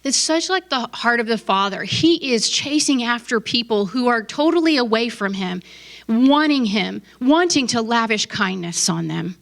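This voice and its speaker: Woman preaching casually, kinda high voice, emphatic, lots of "you know" asides. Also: animated, moderate pace, vocal fry, fairly bright tone. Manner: conversational and emphatic, with asides to the audience. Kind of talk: casual sermon.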